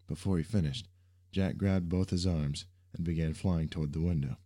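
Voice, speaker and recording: A man reading a story aloud as its narrator, with a steady storytelling manner. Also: very deep voice, normal speed. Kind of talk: audiobook narration.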